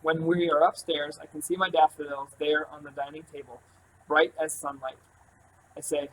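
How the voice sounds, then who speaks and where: A man reading a first-person novel aloud in a calm, even storytelling voice. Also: a little high, normal speed, a little hiss or hum, low-quality recording. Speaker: audiobook narrator. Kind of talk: first-person audiobook narration.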